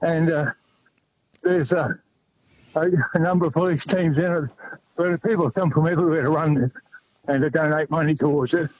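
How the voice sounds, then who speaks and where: An older Australian man calling in to a radio show while running, out of breath, earnest and halting. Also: on the high side, fairly even intonation, slightly rough, dull audio. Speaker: caller. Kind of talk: casual phone chat while running.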